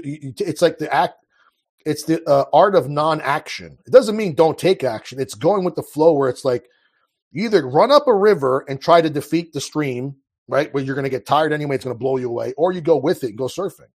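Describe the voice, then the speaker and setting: A man's voice: a little high, lively intonation, fairly quick, a little mellow, husky. A man speaking as a guest in a casual conversation, earnest and impassioned, often restarting his sentences. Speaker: podcast guest.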